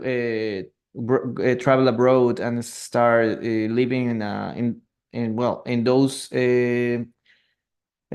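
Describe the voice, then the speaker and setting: An upbeat male English teacher on a live stream, cheering his student on with bursts of enthusiasm. He often stops and restarts his questions mid-sentence, and his pitch sits at an average level. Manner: encouraging, exclamatory, hesitant restarts. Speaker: English teacher hosting a live reading class.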